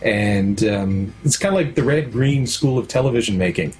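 A man's voice: lowish voice, lively intonation, normal speed, a little mellow, faint music behind. A middle-aged man from Canada, a documentary producer and director speaking candidly in an interview, explaining his points with everyday comparisons and stories. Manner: candid, anecdotal, explains with analogies. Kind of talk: casual interview talk.

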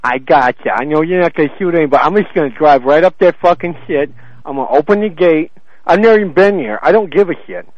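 A man's voice: a little high, fast, dry recording. A man making a prank phone call, taunting and swearing in a blustering way over a muffled phone line. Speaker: prank caller.

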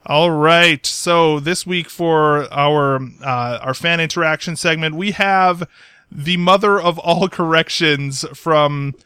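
A man's voice: a little high, takes it slowly, bright, forceful tone, smooth, no room sound. A man hosting a podcast in upbeat casual chat, leading each segment. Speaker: podcast host. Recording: music faintly behind.

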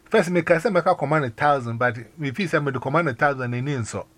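A man with a Ghanaian accent in a casual phone chat, talking in an animated, rambling way with many restarts and exclamations. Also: on the high side, fast talker, dry recording. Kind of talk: casual phone chat mixing Twi and English.

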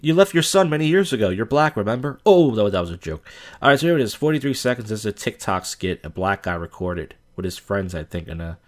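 A man's voice: on the low side, animated, a little fast. A man hosting a reaction video, giving crude, sarcastic commentary. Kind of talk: casual commentary.

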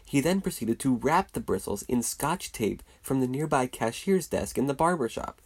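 A man narrating in a deadpan, mock-documentary style, matter-of-fact throughout. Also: medium pitch, normal speed, slightly rough.

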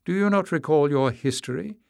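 A man voicing a calm, commanding village matriarch. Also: a little high, fairly quick, gravelly, no room sound, clean studio sound, voice pushed up. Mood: composed. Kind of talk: audiobook character reading.

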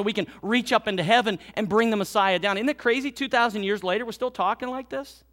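A male pastor delivering a Sunday sermon in a church, his voice sitting fairly high for a man. He swings from loud, emphatic exhortation to hushed, slowed-down lines.

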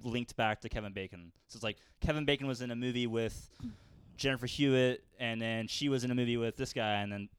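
A man's voice: mid-range voice, a little fast, smooth. A man co-hosting a casual podcast, explaining things loosely with lots of "like". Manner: explains with many "like" fillers. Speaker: podcast co-host.

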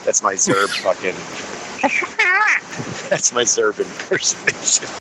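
A man's voice: fairly low pitch, wildly swooping pitch, takes it slowly, noisy background. A man leaving a rambling, casual voice message, swearing freely. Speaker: show contributor. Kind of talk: recorded voice message.

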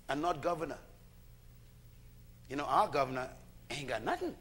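A man preaches with a high, bright voice that swoops widely up and down. He presses his points emphatically, calls on the congregation to answer him, and breaks into shouts on key lines. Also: moderate pace, pauses often, a faint crowd, slight background noise. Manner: animated, emphatic, with bursts of shouting. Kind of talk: call-and-response sermon.

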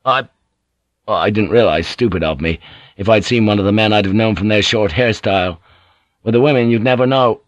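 A man's voice: on the low side, brisk, no echo, natural voice. A man voicing a guarded ship's pilot who speaks hesitantly. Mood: uneasy. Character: uneasy English ship's pilot, male, adult.

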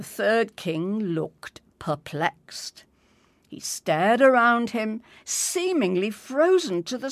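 A woman reading a story aloud in an unhurried, expressive storytelling manner. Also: mid-range voice, dry recording. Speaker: reader.

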